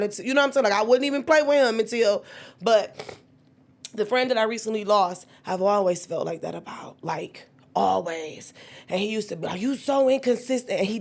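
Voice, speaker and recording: Woman, thirties, candid storytelling, animated, acts out dialogue, mid pitch. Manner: animated, acts out quoted dialogue with sudden high-pitched bursts.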